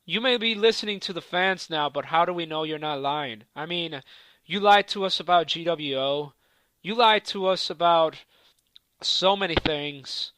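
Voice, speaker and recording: A man's voice: fairly high pitch, moderate pace, sharp tone, no echo. A man cutting a trash-talking wrestling promo in a cocky, taunting, profane manner.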